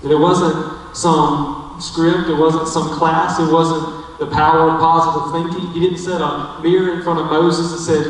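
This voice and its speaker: A man's voice: a little high, flat delivery, normal speed. A young man preaching a casual sermon, telling the story in a chatty way and checking in with listeners with "okay?". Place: church hall. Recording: echoey hall from far off.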